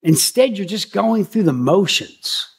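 A pastor giving a conversational sermon, chatty and rambling, with frequent restarts and asides. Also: male voice, high voice, expressive, measured pace, creaky, a little hiss or hum.

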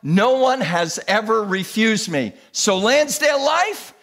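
A man in his sixties preaches from a church pulpit with a fairly high voice. He tells his stories in an animated way, his voice climbing and swelling as he exhorts his congregation. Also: takes it slowly, few pauses. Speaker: pastor. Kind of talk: sermon.

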